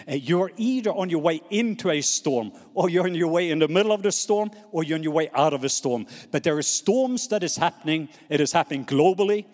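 Norwegian guy preaching, kinda high voice, gets the crowd to say stuff back, big echoey church. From Norway. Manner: animated preaching with call-and-response prompts. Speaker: pastor. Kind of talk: sermon.

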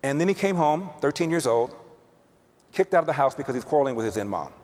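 A man's voice: fairly high pitch, lively intonation, fast talker, a little mellow. A man giving an emphatic storytelling speech, repeating words to build each point. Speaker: speaker telling a personal story. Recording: long reverb of a hall.

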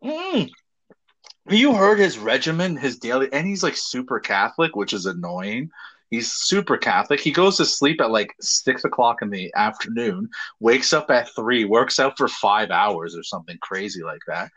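A man's voice: mid-range voice, very animated, normal speed, fairly bright tone, breathy edge. A man co-hosting a casual chat, giggly and profane, slipping into jokey impressions. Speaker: podcast co-host. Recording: dull lo-fi sound.

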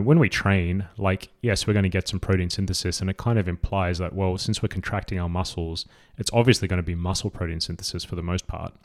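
Deep-voiced man explaining training casually. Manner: relaxed, conversational, frequent fillers. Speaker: fitness educator.

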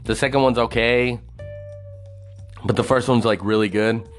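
A man's voice: mid-range voice, steady tone, normal speed, soft background music. A man hosting a podcast alone, rambling and swearing a lot, laughing at his own jokes. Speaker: podcast host. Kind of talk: casual solo podcast rant.

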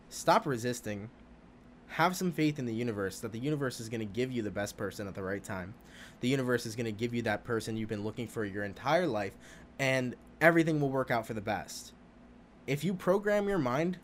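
A young man hosting a podcast, talking alone in a rambling, profane, animated way about spirituality, laughing often. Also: mid-range voice, a little hiss or hum. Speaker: podcast host. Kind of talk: casual spiritual podcast monologue.

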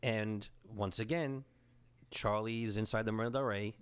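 A man in his forties from the Bronx with a New York accent, excitedly telling stories in casual chat. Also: fairly low pitch, normal speed, clean tone. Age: 40s. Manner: excitable storyteller, says bro and man, mild swearing. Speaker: podcast co-host.

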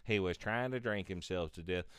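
A man's voice: low voice, normal speed, fairly bright tone, clean tone, dry recording. A man hosting a podcast who reads news headlines and cracks sarcastic jokes about them. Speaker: podcast host. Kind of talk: comedic news reading.

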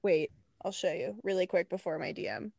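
A young woman from Canada co-hosting a casual podcast chat, swearing a lot and laughing loudly. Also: fairly low pitch, fairly even intonation, fairly quick, vocal fry, no room sound, clean studio sound. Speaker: podcast co-host.

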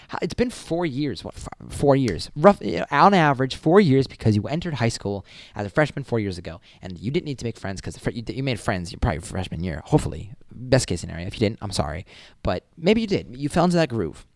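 A man's voice: mid-range voice, sing-song, a little fast, dry recording. A young man in college talking casually and rambling to the camera, swearing freely and acting out little voices. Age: young adult. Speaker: college student vlogger. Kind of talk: casual monologue.

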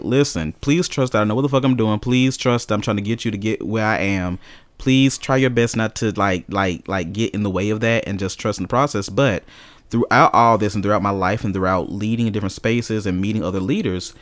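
Animated storyteller man, low voice. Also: a little fast. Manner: animated storyteller, swears freely. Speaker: podcast co-host. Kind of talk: casual chat.

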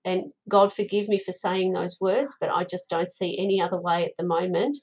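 A woman's voice: fairly low pitch, flat delivery, normal speed, a little mellow, slightly rough, low-quality recording. A woman who organises her Ukrainian diaspora community, answering interview questions in an impassioned, earnest way and often repeating words.

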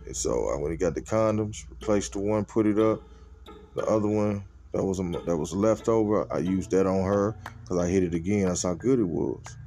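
Man with a very low voice, casual profane storytelling, light music behind. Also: normal speed, warm tone. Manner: loose, profane, conversational; fillers like "you know what I'm saying". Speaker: podcast host.

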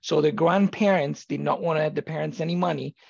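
A podcast host with a casual interviewing manner and a habit of drawn-out affirmations. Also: mid-range voice, no room sound. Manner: gravelly, husky, drawn-out affirmations. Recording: dull lo-fi recording.

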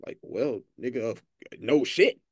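A man's voice: medium pitch, lively intonation, slow, breathy edge, no room sound, clean studio sound. Emphatic man making bold claims. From Texas, USA. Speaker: podcast co-host. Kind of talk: casual chat.

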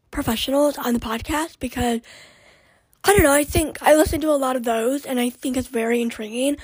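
A young woman hosting her own podcast in a rambling, chatty way full of fillers, her voice hoarse and short of breath. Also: high-pitched, no echo, rough recording. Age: young adult. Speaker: podcast host. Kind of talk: casual solo podcast chat.

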